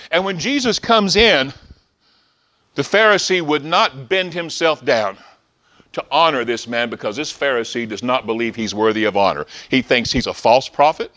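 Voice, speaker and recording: Excitable bright-voiced male preacher. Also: on the high side. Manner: excitable, stumbling restarts, acts out scenes. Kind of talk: sermon.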